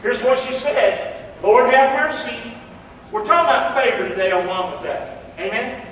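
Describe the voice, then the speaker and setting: A man's voice: sits high, expressive, fairly quick, fairly bright tone, slight background noise. A man preaching a sermon as pastor, calling on the congregation to repeat phrases back to him. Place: church hall. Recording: echoey hall from far off, dull sound.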